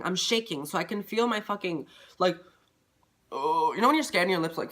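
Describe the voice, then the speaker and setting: A man vlogging a casual storytime, retelling it in an animated, profane, dramatic way. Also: sits high, brisk.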